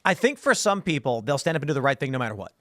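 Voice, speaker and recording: Man, talk show host, fast pace, dry close mic, reasoning aloud. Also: mid-range voice, sing-song, pushed and bright, no room sound. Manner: quick, reasoning aloud in thought experiments.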